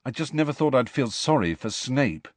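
A man's voice: medium pitch, big pitch swings, moderate pace, no echo, voice pushed up. A man voicing an earnest, troubled teenage boy who talks in a raised, heated voice. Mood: heavy.

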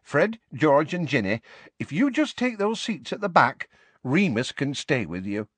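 A man voicing a brisk, bossy young woman who hurries others along with clipped commands. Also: fairly high pitch, big pitch swings, a bit bright, husky, no room sound, pitched above the performer's own voice, exaggerated voice.

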